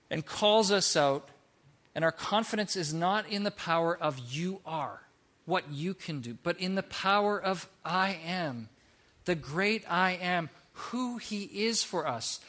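A man preaching a sermon in a church, animated and humorous, who slips into playful mock voices to make his point. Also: high voice. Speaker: pastor.

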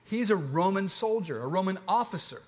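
A pastor with a Southern accent preaches a sermon, telling the story in a relaxed, conversational way with lively rises and falls. His voice is high-pitched and fairly quick.

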